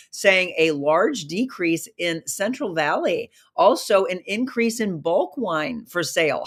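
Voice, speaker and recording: Hoarse after a recent virus, a middle-aged woman with a lowish, fairly bright voice hosts a live online talk show. She greets viewers by name, reads their comments, and keeps the conversation chatty and upbeat.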